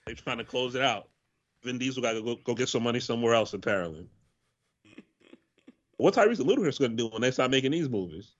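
Man, fast casual podcast talk, animated pitch, muffled lo-fi sound. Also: dry recording. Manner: fast, slangy, joking rants. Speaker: podcast co-host. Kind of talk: casual chat.

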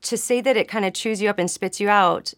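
A woman hosts a live panel over a video call, speaking in a friendly, conversational manner with some halting restarts. Her voice sits at an ordinary pitch, and the sound is dry and close. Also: a bit bright, no echo. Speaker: host, former Christian music artist. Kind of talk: hosting a live panel discussion.

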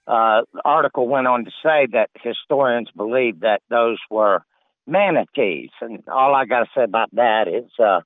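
A male caller telling a story in a laid-back, drawn-out way with many pauses. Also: medium pitch, dry recording. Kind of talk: casual call-in chat, telling a joke. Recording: tinny phone line.

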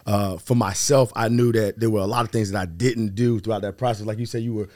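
Halting co-host with a dry voice. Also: male voice, lowish voice, fairly even intonation, a little mellow, no room sound. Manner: halting, restarts phrases. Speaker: podcast co-host, former player. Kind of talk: casual interview chat.

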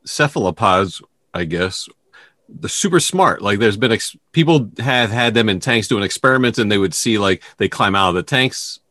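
A male co-host joins the casual chat with short, chatty comments. His pitch moves a lot as he talks, and the recording is dry and close. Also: expressive, normal speed, sharp tone, no echo. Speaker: podcast co-host.

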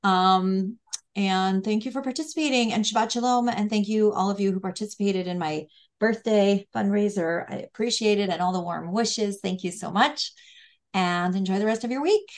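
A woman's voice: medium pitch, normal speed. Woman teaching a scripture class. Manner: conversational, asks "right?" often; acts out the fool's inner voice playfully. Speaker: Torah teacher. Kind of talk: online class on Proverbs.

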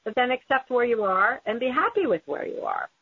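A woman's voice: a little high, lively intonation, brisk, breathy edge. A woman hosting an interview, speaking in an earnest, emphatic and encouraging way. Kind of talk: conversational interview. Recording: phone-like tinny audio.

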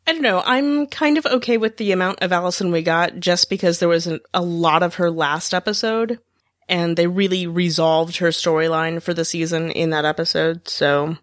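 A woman co-hosting a podcast in casual chat, expressive and rambling, often laughing. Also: lowish voice, normal speed, no echo, clean studio sound. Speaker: podcast co-host.

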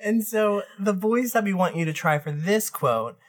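A woman's voice: medium pitch, expressive, normal speed. A woman co-hosting a casual podcast, upbeat as she reads quotes aloud and sets up a game. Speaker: podcast co-host.

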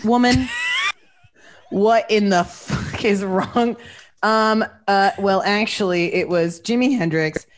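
A woman's voice: medium pitch, takes it slowly. A woman with a Midwestern accent hosts a casual trivia chat, playful and loose, swearing freely. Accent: Midwestern American. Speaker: host asking trivia.

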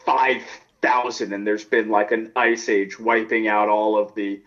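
A man's voice: lowish voice, level tone, measured pace, fairly bright tone. A man in casual chat as a podcast co-host, spinning playful rambling theories. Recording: dull lo-fi sound.

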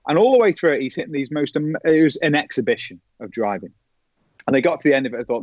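Speaking quickly at medium pitch, this middle-aged podcast guest, once a professional golfer, spins animated anecdotes and mimics the voices of those he quotes. The sound is dry and a little dull, lo-fi, with no room sound.

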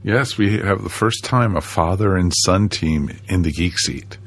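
A man's voice: deep voice, unhurried, dry recording, clean studio sound. A man hosting a podcast, chatting casually with a jokey, playful patter. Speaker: podcast host.

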